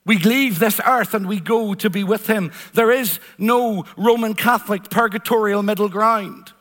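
A man's voice: sits high, moderate pace, fairly bright tone. A man preaching a sermon, earnest and emphatic, repeating phrases for weight. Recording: long hall reverb.

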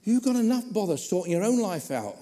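A man preaching a sermon in a church, conversational and animated with humorous asides. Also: high voice, a little fast. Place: church hall. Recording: long reverb in a hall.

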